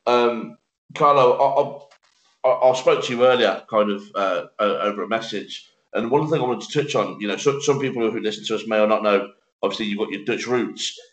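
Low-voiced podcast host in a roomy echo. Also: male voice, a little fast. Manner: agreeable, asks rambling questions. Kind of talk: casual podcast discussion.

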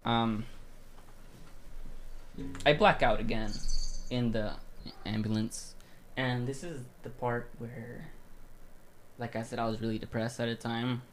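A man's voice: medium pitch, little pitch movement, takes it slowly, pauses often, a little hiss or hum. A young man casually telling a long story on a podcast, full of swearing and "like". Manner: loose, profane storytelling with lots of "like". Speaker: podcast co-host.

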